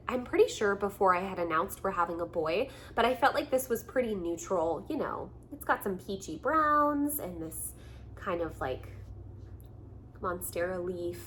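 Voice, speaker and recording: Gushing woman with a lively voice. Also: mid-range voice, slight background noise. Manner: gushing and excited, laughs often; chatty with frequent fillers. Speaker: vlogger. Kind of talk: casual chat, unboxing gifts. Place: at home.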